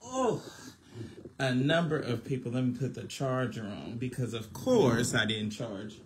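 A man's voice: mid-range voice, lively intonation, measured pace, a little hiss or hum. A man, hosting a casual phone livestream as a minister, chatty and preachy, often laughing.

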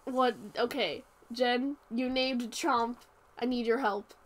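A woman streaming a farming game, chatting casually and squealing with excitement over cute animals. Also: a little high, slow. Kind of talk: casual gameplay chat. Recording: game music playing underneath.

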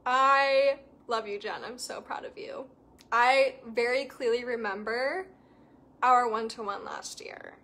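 Talking at a slow pace, a young adult coach in a casual live chat addresses her viewers with enthusiasm and emphasis. She has a slightly high, fairly bright-toned voice.

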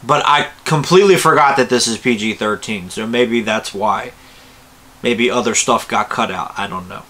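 A man's voice: lowish voice, moderate pace. A man giving a profane, sarcastic ranting commentary while reviewing a movie. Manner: profane, sarcastic, swings from loud to muttering.

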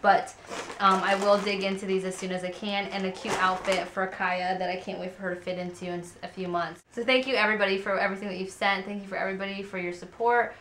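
A woman's voice: mid-range voice, flat delivery, quick pace, noisy background. A woman in her twenties chatting casually to camera at home as a vlogger, candid and rambling with many fillers. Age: 20s. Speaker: parenting vlogger. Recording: roomy echo.

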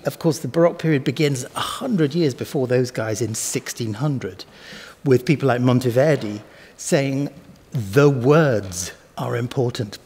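A man's voice: mid-range voice, a little mellow, breathy edge, long reverb tail. A man, a cellist, explaining musical ideas to camera in a thoughtful teaching manner, sometimes speaking words aloud to show their stress. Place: filming space with flickering lights, echoey. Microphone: microphone in front of him.

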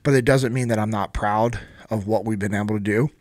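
A man's voice: fairly low pitch, fairly even intonation, a little fast, darkish tone. A man hosting a podcast, chatting casually and laughing while he retells stories from a group chat. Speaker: podcast host.

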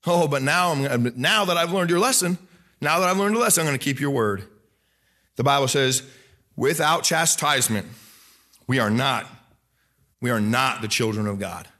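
A man in his thirties, a pastor preaching a lively sermon who acts out people's voices and raises his voice to a shout for emphasis. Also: medium pitch, normal speed, pauses often.

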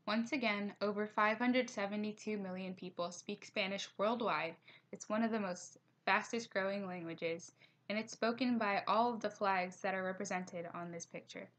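A young woman narrating a recorded slideshow language lesson, reading each slide aloud at a steady pace and slowing down for pronunciation notes. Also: medium pitch. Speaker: teacher.

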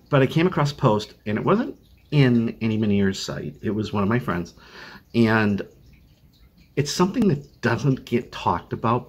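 An older man with a Boston accent talks in a tired, rambling way, often stopping to restart his sentences. His voice sits low and sounds husky. He records at home on a phone used as a webcam. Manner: rambling, many fillers and restarts. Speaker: vlogger living with chronic illness. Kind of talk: casual personal video update.

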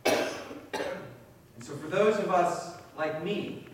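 Male New England pastor, casual halting sermon delivery, recorded from a distance in a very reverberant sanctuary with faint ambient noise. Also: high-pitched. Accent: New England American. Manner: conversational preaching with fillers and repeated words. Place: church sanctuary. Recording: very echoey church from a distance.

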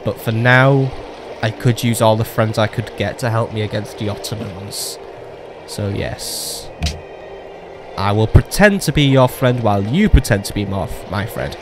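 A man's voice: on the low side, animated, a little slow, noisy background. A man giving casual, joking let's play commentary at his computer, chatting to game leaders and swearing now and then. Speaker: gaming channel host. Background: game music.

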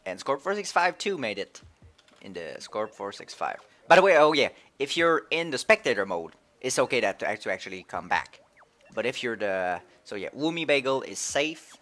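A man streaming a video game live, chatting playfully and excitedly. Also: medium pitch, normal speed. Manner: playful, excitable, switching between English and French. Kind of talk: casual live-stream commentary.

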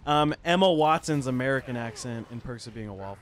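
A young man throwing in quick teasing remarks during casual gaming banter with friends. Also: medium pitch, animated, faint music behind. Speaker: gaming channel member. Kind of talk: casual let's-play banter.

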